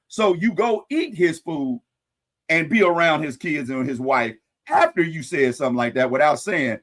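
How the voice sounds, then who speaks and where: Male live-stream host, slightly high voice, casual and animated, full of folksy sayings. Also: moderate pace. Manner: animated, folksy sayings, wry asides to viewers.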